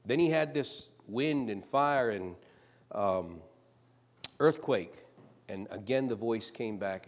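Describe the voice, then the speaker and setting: A man preaching a sermon, reading scripture aloud and rising louder on the quoted lines. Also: on the low side, lively intonation, slow.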